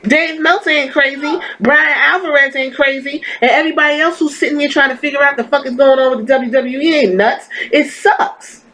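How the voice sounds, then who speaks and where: A woman with a slightly high voice rants through her podcast commentary. She is blunt, exasperated and freely profane. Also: steady tone, brisk, few pauses, bright, forceful tone, a little hiss or hum, rough recording. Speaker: podcast host. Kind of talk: ranting wrestling commentary.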